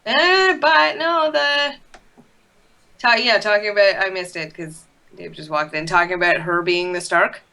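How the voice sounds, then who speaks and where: A co-host jumps into a casual recap conversation with pointed opinions and wry quips. The voice is bright and smooth, middle in pitch. The delivery is loose and conversational. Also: steady tone, a little fast. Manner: interjects with opinions, quips and questions. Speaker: podcast co-host.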